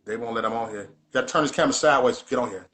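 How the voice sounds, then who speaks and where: A man's voice: mid-range voice, very fast, fairly bright tone. A man hosting a casual livestream, talking in an emphatic, repetitive, preachy way. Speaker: livestream host.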